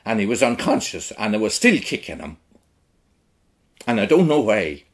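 A man's voice: lowish voice, big pitch swings, moderate pace. A middle-aged man with a rural Irish accent, performing a blunt, earthy one-man stage monologue. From Ireland. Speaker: actor in a one-man show. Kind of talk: theatrical monologue.

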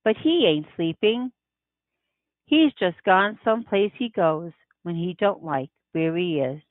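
A woman reads a children's novel aloud at a slow, unhurried pace, her voice rising and falling with the story. The sound is thin and tinny, like a phone line, with no room around it. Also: medium pitch, sing-song, dry recording. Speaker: audiobook reader. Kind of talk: reading a children's novel in first person.

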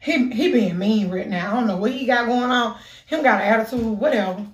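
Woman, casual vlog chat, animated and talkative, fairly high voice, echoey room. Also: brisk. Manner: animated, talkative, swears freely. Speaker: vlogger.

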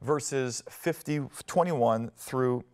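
A pastor giving a televised sermon in an earnest, conversational way, often pausing with fillers and restarting his phrases. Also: medium pitch, a little mellow. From Northwest Ohio.

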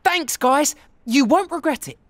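A woman's voice: sits high, measured pace, no room sound. Dennis, a woman doing a cheeky boy. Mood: scheming. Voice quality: cheeky, energetic manner. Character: mischievous scheming young boy, ringleader. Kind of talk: cartoon voice acting. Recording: cartoon soundtrack with loud music.

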